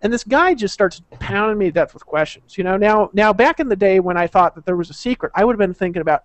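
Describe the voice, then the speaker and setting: A man with a fairly high voice tells a long, rambling story in casual chat, swearing freely and tripping over repeated words. The sound is dry and close, as on a video call. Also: expressive, quick pace, few pauses, no echo, highs cut off. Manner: rambling, profane, repeats words and restarts often. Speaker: network marketer telling a story.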